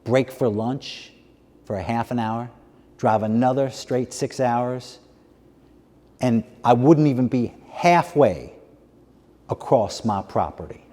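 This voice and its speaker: A man telling stand-up jokes on a theater stage in a slow, deadpan way. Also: medium pitch. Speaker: stand-up comedian. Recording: performance hall reverb.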